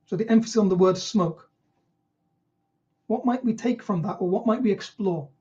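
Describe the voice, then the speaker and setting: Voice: medium pitch, moderate pace, mellow, highs cut off. A GP trainer teaching an online session, who asks rhetorical questions and acts out what patients might say.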